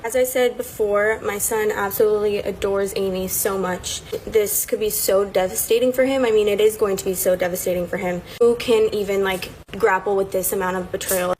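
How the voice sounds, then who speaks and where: A woman's voice: medium pitch, fairly even intonation, fairly quick, hardly any pauses, a little mellow, slight background noise, poor audio. A middle-aged woman telling a confessional story in an earnest, upset way.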